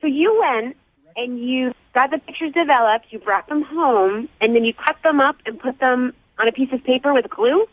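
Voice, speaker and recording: A woman talking on a radio show, giggly and expressive. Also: high voice, normal speed, no room sound, phone-quality sound. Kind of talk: on-air conversation.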